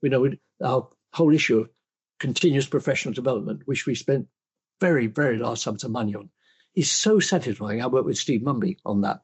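Older guy, husky voice, thoughtful and self-deprecating, lots of restarts. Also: mid-range voice, fairly quick. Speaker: interview guest. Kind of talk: reflective conversational storytelling.

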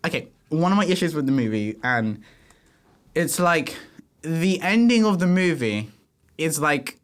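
Dude on a film podcast, kinda high voice, lots of um and like. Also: male voice, big pitch swings, unhurried. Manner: hesitant, rambling with many fillers. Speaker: podcast co-host. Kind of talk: casual film review chat.

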